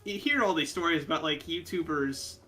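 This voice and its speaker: A young man talks casually on a podcast, his voice bright and a touch high. He delivers crude jokes in a dry, offhand way. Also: a little fast, faint music behind. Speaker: podcast co-host. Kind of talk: casual chat.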